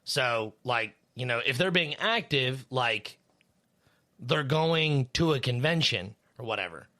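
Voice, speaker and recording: Man, podcast co-host, casual chat, rambling, heavy swearing, bright tense tone. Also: mid-range voice, expressive, a little slow. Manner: rambling, swears a lot, many fillers. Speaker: third shift worker.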